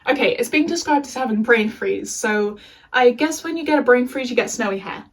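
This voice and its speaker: A woman's voice: fairly high pitch, lively intonation, a little fast, recorded from a distance, low-quality recording. A young English woman recapping a TV show in a casual, chatty rant with sarcastic asides. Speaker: video essayist.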